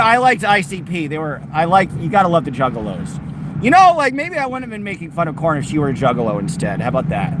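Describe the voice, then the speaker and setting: A man's voice: on the high side, background noise. Rambling joking man streaming from his car. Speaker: livestreamer. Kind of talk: rambling live-stream chat. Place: in a car, driving.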